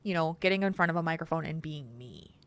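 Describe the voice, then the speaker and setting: A woman co-hosting a casual podcast, telling stories in an animated way. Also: sits low, fast. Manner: animated storyteller, laughs often, slips into silly voices. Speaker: podcast co-host.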